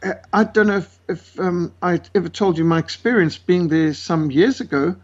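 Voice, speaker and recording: This missionary author from South Africa is a guest in an interview, spinning lively stories in an indignant tone, peppered with fillers and acted-out voices of others. He speaks at normal speed in a high voice. The audio's upper frequencies are cut off.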